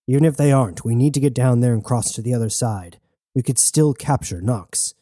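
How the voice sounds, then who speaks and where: A man plays a loyal male soldier who talks firmly and refuses to leave anyone behind. His tone is dark and mellow, recorded dry and close. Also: medium pitch, fairly quick, no echo, natural voice. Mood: earnest. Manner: firm, protective.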